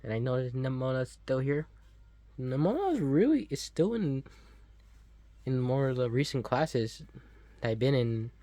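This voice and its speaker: A man's voice: mid-range voice, very animated, measured pace, pauses often, mellow, no room sound. Young guy rambling over a game, kinda hesitant, dry close mic sound. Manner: rambling, hesitant, lots of restarts. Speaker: let's play host. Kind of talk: casual gameplay commentary.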